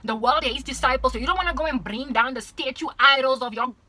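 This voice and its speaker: A woman's voice: high voice, fast talker, bright, forceful tone, dry recording. A young South African woman with a South African accent, vlogging in an exaggerated, repetitive ranting monologue that slips into Afrikaans.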